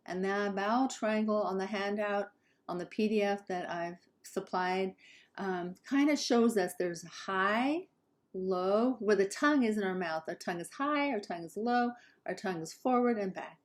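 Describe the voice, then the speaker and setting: A woman from Southern California with a Southern Californian accent, teaching English pronunciation slowly and carefully and modeling sounds for learners to repeat. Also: mid-range voice. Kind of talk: pronunciation lesson.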